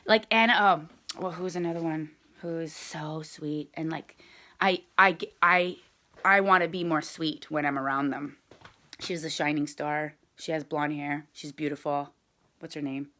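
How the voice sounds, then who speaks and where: A woman's voice: mid-range voice, sharp tone. A woman who leads a direct sales team, chatting casually and in a rambling way with viewers on a live stream.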